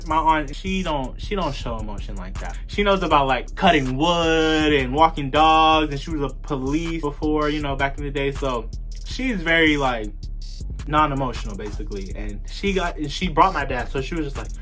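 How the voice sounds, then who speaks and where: Young adult, casual storytime vlog, animated, mimics others, faint background music. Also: mid-range voice, moderate pace. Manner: animated, acts out other people's lines. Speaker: vlogger.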